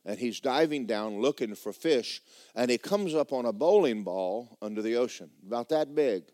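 A man's voice: mid-range voice, expressive, normal speed, a little mellow. A man preaching a sermon in a church, telling stories in a folksy way and reading scripture aloud with rising drama. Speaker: pastor.

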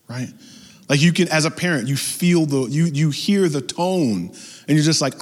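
A man's voice: a little high, measured pace. A man preaching a sermon as pastor, emphatic and building with repeated phrases. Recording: long reverb from a large hall.

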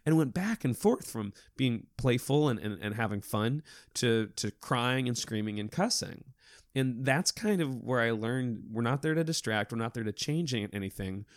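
A man who works as a hospital clown, telling stories in a lively, animated podcast interview with frequent restarts. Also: medium pitch, moderate pace, no echo, clean studio sound.

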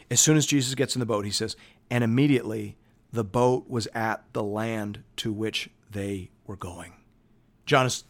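A middle-aged man preaching a sermon, animated and rising to emphatic peaks. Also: on the low side. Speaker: pastor.

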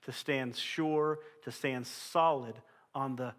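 A man preaching a sermon as pastor, reading scripture aloud in an earnest voice, often falling soft at the end of a phrase. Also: medium pitch, takes it slowly.

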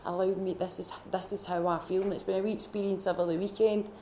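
A Scottish woman speaks to a retreat gathering, telling her own faith story. Her delivery is heartfelt and halting, full of restarts and self-corrections. Her voice sits at an ordinary middle pitch, with a faint hum of noise behind her. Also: flat delivery, mellow. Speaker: retreat participant sharing testimony. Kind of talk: personal faith testimony.

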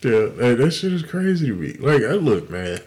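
A man's voice: medium pitch, sing-song, normal speed, a little mellow. A man hosting a podcast in casual chat, blunt and profane, laughing easily as he talks. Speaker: podcast host.

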